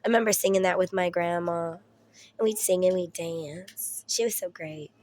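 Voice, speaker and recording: A woman's voice: on the low side, moderate pace, a little mellow. A woman in her thirties with a Southern US accent, chatting casually at home as a mom vlogger, rambling and swearing through her stories. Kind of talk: casual storytelling chat.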